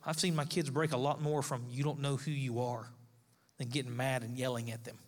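A man's voice: mid-range voice, little pitch movement, brisk. A male pastor, likely in his thirties, preaching a sermon with emphatic, repeated phrases. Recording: long echo of a large hall.

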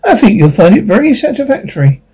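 A pushy casket salesman from an old radio horror play, put on by a reader, pitching his wares in a husky, mellow voice that climbs high when he gets eager. He keeps up a cheerful patter with little slips and restarts. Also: very animated, fast, full character voice.

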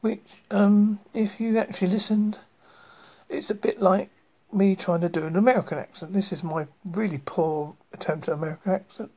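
A man's voice: sits high, fairly quick, dull audio. A man from England hosting a small community radio show, chatting in a rambling, self-deprecating way. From England, Essex. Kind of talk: rambling casual radio chat.

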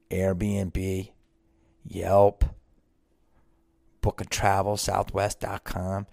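A man's voice: low-pitched, completely flat delivery, very slow, creaky, pauses often, darkish tone, dry recording, studio quality. A man who is an actor and podcast host, delivering a blunt, profane, rambling monologue in casual talk. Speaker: actor on tour.

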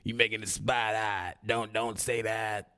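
A man's voice: lowish voice, flat delivery, a little slow, sharp tone, clear, resonant tone. A man putting on a whiny, complaining voice to mimic a street guy who scolds him for giving too much away. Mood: scolding.

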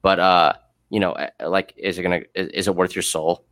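A man's voice: low voice, little pitch movement, a little fast, a bit bright, no room sound, clean studio sound. A man who worked as a prison guard, telling blunt, profane stories in a casual podcast chat that turn heated.

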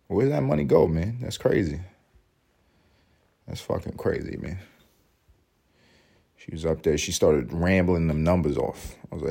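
Low-voiced man on a profane comic rant. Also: a little slow, vocal fry, long pauses, a little mellow, breathy edge. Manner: profane, rambling rant with laughing asides. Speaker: podcast host. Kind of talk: casual comedic monologue.

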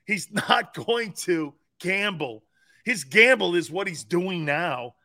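A man co-hosting a casual sports talk show, telling profane stories and laughing loudly. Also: sits high, animated, slow. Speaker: co-host. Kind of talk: casual sports radio chat.

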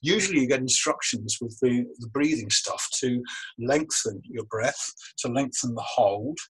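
A man with a husky, breathy edge to his voice talks through breathwork and ritual methods as an interview guest. He speaks over a remote call, pausing and restarting his sentences as he thinks. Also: medium pitch, rough recording. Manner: thoughtful, restarts phrases, many ums. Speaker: guest, magician and breathwork coach. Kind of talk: relaxed explanatory interview talk. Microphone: video call.

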